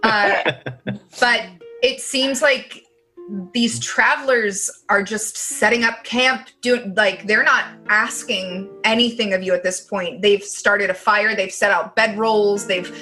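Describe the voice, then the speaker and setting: Bright-voiced woman game master. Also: medium pitch, steady tone, slow, faint music behind, poor audio. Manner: loose, chatty narration with many fillers. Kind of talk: narrating a tabletop game.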